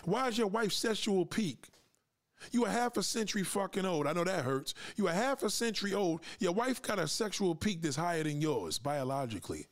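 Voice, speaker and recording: A man's voice: high voice, lively intonation, brisk. A man hosting a live podcast, lecturing his listeners in a confrontational, profane rant and daring them to push back. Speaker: podcast host.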